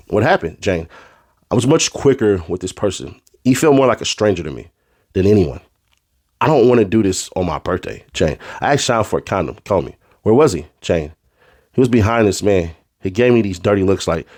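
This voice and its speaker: A man reading a courtroom transcript aloud, naming each speaker in a flat, clipped way. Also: low-pitched, no room sound, studio quality. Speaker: trial recap reader.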